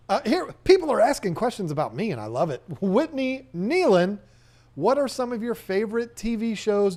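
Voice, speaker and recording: A man's voice: high-pitched, big pitch swings, moderate pace, a little mellow. A man hosting a live stream, chatting casually and joking as he reads viewer comments, rambling with restarts.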